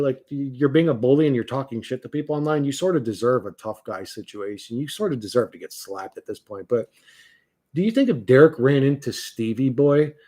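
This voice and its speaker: A man's voice: mid-range voice, warm tone. A man hosting a livestream, talking bluntly and profanely in a rambling, casual way with frequent restarts. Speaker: livestream host.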